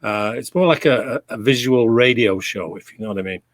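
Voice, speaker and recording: A man's voice: medium pitch, brisk, no echo. A middle-aged man with a Canadian accent, a DJ reminiscing in casual chat over a video call, rambling with many restarts. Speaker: DJ guest.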